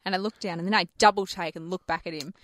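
Bright-voiced woman co-host. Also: on the low side, fast talker, dry recording. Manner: animated storyteller, laughs often. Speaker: radio co-host. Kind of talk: casual on-air banter.

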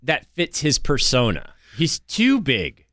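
A man's voice: on the high side, very animated, takes it slowly, pushed and bright, dry recording, clean studio sound. A man co-hosting a radio show, joking around in a self-deprecating way. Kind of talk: casual radio chat.

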